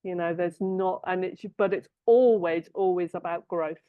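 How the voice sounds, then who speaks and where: A woman's voice: on the low side, steady tone, normal speed, dry recording. A woman hosting an interview, explaining her view thoughtfully with some restarts. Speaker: host. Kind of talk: interview conversation. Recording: tinny phone-like line, dry.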